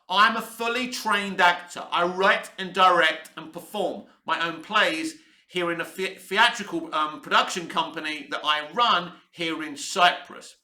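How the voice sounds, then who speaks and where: In the room where he's based in Cyprus, a man gives a casual, opinionated TV review to camera, blunt and candid and swearing freely. His high voice has a sharp tone, he speaks a little slowly, and the room echoes.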